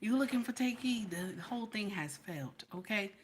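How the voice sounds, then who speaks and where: A middle-aged woman chatting casually with her livestream viewers, animated and playful, often laughing and repeating herself with a questioning "okay?". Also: mid-range voice, a little fast, a little hiss or hum. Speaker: livestream host.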